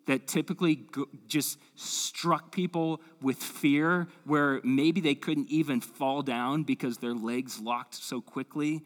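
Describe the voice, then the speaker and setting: A male pastor teaching the Bible in an enthusiastic, conversational way, often saying "man" and "like". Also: mid-range voice. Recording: long hall reverb.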